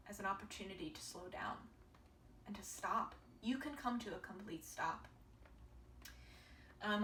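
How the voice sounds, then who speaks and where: A woman giving an earnest, encouraging tarot reading to her viewers, often dropping into soft half-whispered asides. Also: medium pitch. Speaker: tarot reader. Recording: roomy, distant mic with faint background hiss.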